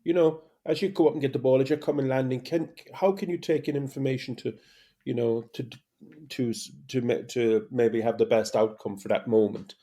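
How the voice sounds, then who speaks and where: A middle-aged man, a podcast guest, telling stories in a lively, animated way, full of restarts. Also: mid-range voice, fairly quick. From Ireland. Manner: animated storytelling, many restarts. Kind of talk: casual podcast conversation.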